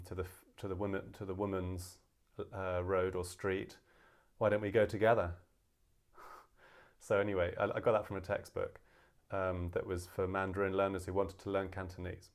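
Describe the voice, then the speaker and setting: A man teaching a casual language lesson, explaining with many fillers and slowing down to demonstrate pronunciations. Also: low-pitched.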